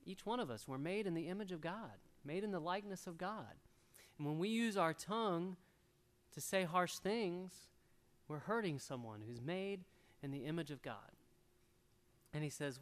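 A middle-aged man preaching a sermon, animated and storytelling, acting out little voices as he goes. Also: high-pitched, normal speed, clear, resonant tone. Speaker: pastor.

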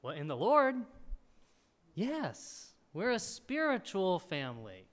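A man preaching a sermon, teaching from scripture and reading the verses aloud in an expressive way. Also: sits high, slow. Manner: expressive preaching, reads scripture aloud, frequent throat clearing. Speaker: pastor.

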